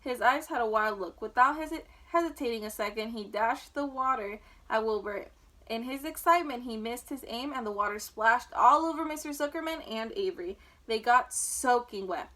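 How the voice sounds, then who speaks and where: A woman reading a children's book aloud with clear, expressive storytelling. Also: a little high, normal speed, rough recording.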